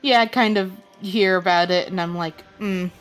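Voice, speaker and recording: A woman playing a tabletop game, talking in a casual, soft-spoken way. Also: mid-range voice, normal speed, soft background music. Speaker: player.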